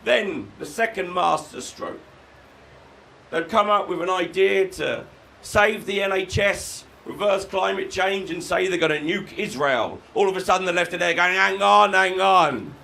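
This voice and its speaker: A man from the UK doing a live stand-up set, crude and sardonic, breaking into shouted rants. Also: high-pitched, normal speed, vocal fry, rough recording. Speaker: stand-up comedian. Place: comedy venue with live audience.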